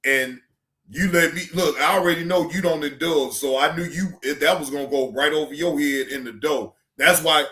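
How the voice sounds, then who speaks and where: A man's voice: on the high side, moderate pace, bright, forceful tone, roomy sound. A man hosting a livestream in casual chat, rambling loosely with slang and swearing as he talks to his chat. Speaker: livestream reaction host.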